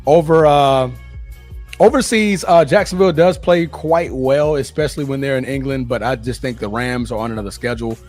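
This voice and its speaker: A man from the United States co-hosting a casual football podcast, excitable and quick to laugh. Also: medium pitch, soft background music. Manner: excitable, laughs a lot, fan banter. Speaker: podcast co-host. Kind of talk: casual sports podcast chat.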